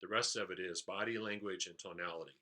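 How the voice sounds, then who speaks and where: A man's voice: sits low, fairly even intonation, quick pace, bright, forceful tone. A man leadership trainer giving an explanatory recap of a training session, with frequent "uh" fillers.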